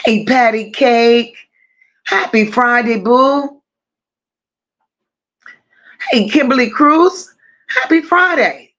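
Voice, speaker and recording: A woman hosting a casual livestream, greeting her chat one by one with drawling, affectionate shout-outs. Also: on the high side, takes it slowly, long pauses, lo-fi sound. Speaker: livestream host.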